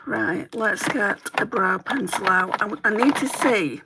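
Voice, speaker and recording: A woman's voice: medium pitch, measured pace, heavy background noise. A woman from England with a Northwest English accent, chatting on a beauty livestream while doing her makeup and answering viewers' comments. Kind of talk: chatty get-ready-with-me livestream.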